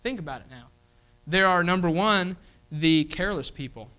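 A man's voice: high-pitched, animated, moderate pace, sharp tone, smooth, low-quality recording. A man preaching a sermon to his church, emphatic and repetitive, often asking the congregation "you know what?". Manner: emphatic, repeating "you know what?" as a hook and acting out quoted voices.

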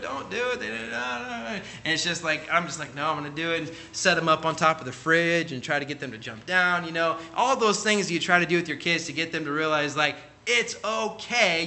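Man, 30s, pastor, earnest repetitive sermon delivery, bright and a little high. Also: a little hiss or hum. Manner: earnest preaching with repetition, closes in prayer. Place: church room.

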